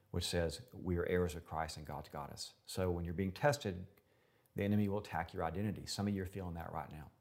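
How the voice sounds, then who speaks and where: A man's voice: sits low, darkish tone. A male pastor preaching a sermon in an emphatic style, repeating words for effect.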